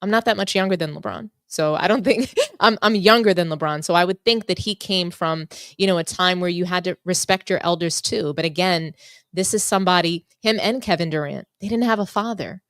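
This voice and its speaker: A woman in her thirties hosting a sports talk show, giving frank and measured opinions. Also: fairly low pitch, no echo, studio quality. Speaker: podcast host. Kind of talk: casual commentary.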